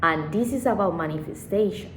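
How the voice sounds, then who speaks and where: Woman, vlogger, rambling storytime, emotional, swears a lot, lowish voice, echoey room. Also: a little fast. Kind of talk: casual storytime monologue. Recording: echoey room with faint background noise.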